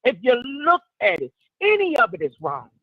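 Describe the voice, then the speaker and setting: A woman calling into a talk show and offering her opinion in a reflective, measured way. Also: fairly high pitch, wildly swooping pitch, husky, dry recording, narrow, tinny audio. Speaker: caller.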